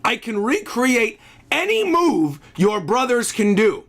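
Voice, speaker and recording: A man voicing a big, arrogant male cyborg villain who gloats in a slow, sneering way while reading a comic aloud. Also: extremely high pitch, huge pitch swings, creaky, a bit bright, full character voice. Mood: smug.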